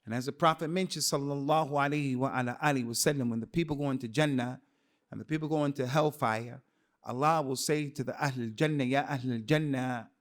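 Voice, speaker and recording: A man's voice: medium pitch, fast. A man giving an Islamic lecture to a congregation in a mosque hall, speaking emphatically, repeating phrases for stress and mixing in Arabic terms. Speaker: preacher. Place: mosque hall with men's and women's sides.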